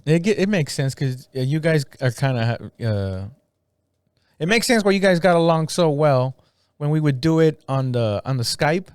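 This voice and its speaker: A man's voice: on the high side, lively intonation, normal speed, clear, resonant tone, no room sound, studio quality. A man hosting a comedy podcast, teasing his guest in crude, joking banter. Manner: teasing, crude, laughs a lot. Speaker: podcast host.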